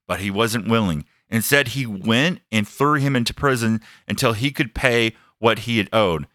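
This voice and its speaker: A man's voice: mid-range voice, expressive, measured pace, sharp tone, no room sound, studio quality. A man preaching a sermon, emphatic and earnest, stacking phrases as he builds each point and sharing his own story. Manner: emphatic, building lists with rising intensity; earnest personal testimony.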